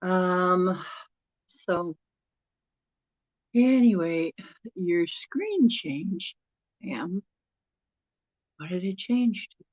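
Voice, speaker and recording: A woman's voice: fairly low pitch, sing-song, drawn-out words, long pauses, a little mellow, no echo, dull audio. A woman hosting a casual livestream, chatty and rambling, often laughing and correcting herself. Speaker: livestream host.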